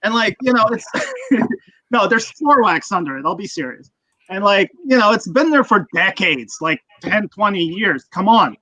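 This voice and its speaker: A man's voice: high voice, lively intonation, moderate pace, sharp tone, muffled recording. A man hosting a casual livestream chat, rambling and ranting with lots of swearing. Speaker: livestream host.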